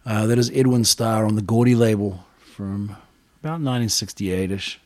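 Laid-back low-voiced man spinning records. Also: normal speed, no room sound. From New Zealand. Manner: relaxed, rambling, chatty. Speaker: radio DJ. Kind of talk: casual radio DJ patter between records.

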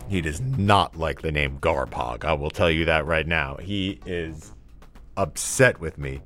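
Speaking a little slowly in an extremely low, slightly bright voice, a man hosts a wandering late-night radio show from a studio. Between songs he chats to his dog, with soft music playing underneath. His studio mic is set too distant and carries an echo effect.

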